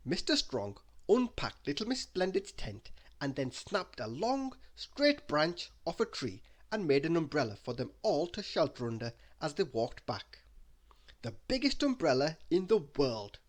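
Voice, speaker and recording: A man's voice: a little high, sing-song, a little slow. Man reading a bedtime story, sing-song. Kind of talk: bedtime story read-aloud.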